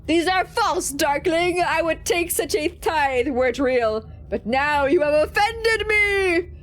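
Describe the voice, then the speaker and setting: Woman playing a booming, wrathful demon lord. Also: expressive, slow, exaggerated voice. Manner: booming, theatrical, declamatory. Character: wrathful male demon lord, pompous and cruel. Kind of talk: reading game dialogue aloud.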